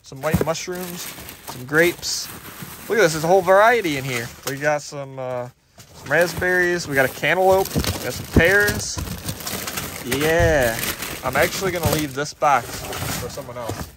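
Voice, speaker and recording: A man talking casually as he films a vlog while digging through a dumpster, chatty and excitable, playfully stubborn. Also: fairly high pitch, moderate pace, noisy background. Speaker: dumpster diving vlogger. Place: outdoors at a dumpster.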